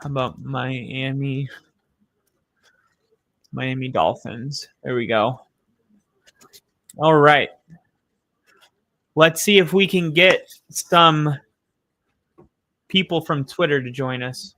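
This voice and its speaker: A man's voice: mid-range voice, slow, long pauses, a bit bright, no echo. A young man live streaming, chatting casually with viewers, rambling and swearing as he reads the chat.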